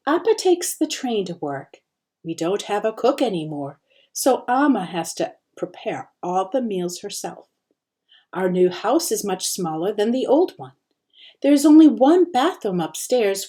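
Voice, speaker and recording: A teacher reading the first chapter of a children's novel aloud, with expressive storytelling. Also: female voice, mid-range voice. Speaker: teacher sharing books.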